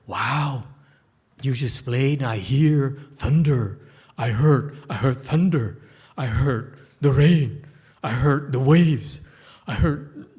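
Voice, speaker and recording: An awestruck humble woodcutter calls out, raised and loud, in slow, drawn-out words. A man puts him on while telling a story. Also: medium pitch, pitched above the performer's own voice, close to an everyday voice. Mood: awed. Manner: awed, excited.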